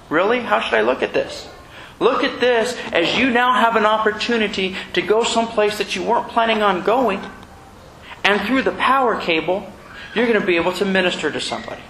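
The rabbi of a Messianic congregation delivers a sermon in a conversational, joking style, with asides and acted-out little exchanges with his listeners. His high-pitched voice is creaky, pushed and bright, and he speaks fairly quickly. The room is echoey, with faint noise.

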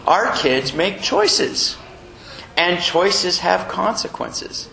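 High-voiced gravelly preacher in an echoey room. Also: male voice, very slow. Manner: animated, acts out quotes with chuckles. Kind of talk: sermon. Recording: echoey room with faint noise.

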